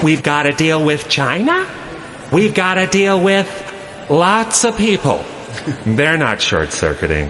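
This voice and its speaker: A man's voice: fairly high pitch, a bit bright, slight background noise. A man voicing a sassy, campy male politician in a parody voiceover of a real speech, with a flouncy sing-song delivery.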